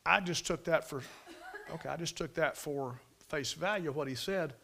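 A man preaching a sermon in a folksy storytelling way, swinging from loud emphasis to hushed near-whispers. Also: fairly high pitch, normal speed, gravelly, a little hiss or hum.

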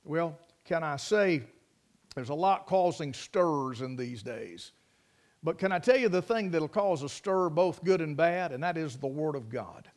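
A preacher man with a high voice, telling stories in a folksy, rambling way from the pulpit. He talks plainly and drifts between anecdote and scripture. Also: animated, unhurried. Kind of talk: sermon with storytelling.

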